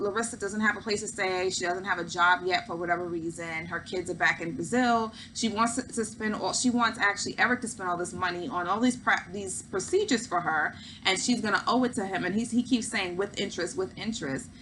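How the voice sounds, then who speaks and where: A woman's voice: mid-range voice, fairly bright tone, a little hiss or hum, low-quality recording. A woman hosting a casual recap of a reality show, chatty and opinionated, with lots of fillers. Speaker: host.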